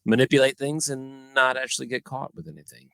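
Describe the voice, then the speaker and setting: A man co-hosting a casual podcast, laid-back and halting, often repeating himself. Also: mid-range voice, fairly even intonation, gravelly, sharp tone, clear, resonant tone, dry recording, clean studio sound. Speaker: podcast co-host. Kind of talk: casual chat.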